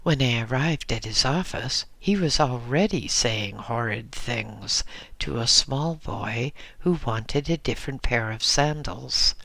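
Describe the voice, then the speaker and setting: A man giving a measured, unhurried first-person audiobook narration. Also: mid-range voice, expressive, creaky, sharp tone, dry recording. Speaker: audiobook reader.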